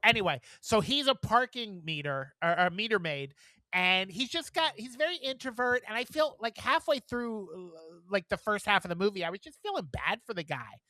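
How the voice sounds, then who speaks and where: A man co-hosting a podcast, chatting casually in a blunt, profane, animated way. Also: high-pitched, moderate pace, no room sound. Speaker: podcast co-host. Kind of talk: casual chat.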